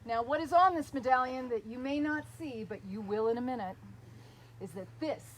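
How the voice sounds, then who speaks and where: A woman's voice: high-pitched, moderate pace, a little hiss or hum, poor audio. A woman giving a heartfelt formal speech at a court ceremony, laughing and near tears. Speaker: ceremony speaker. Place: outdoor event with a crowd.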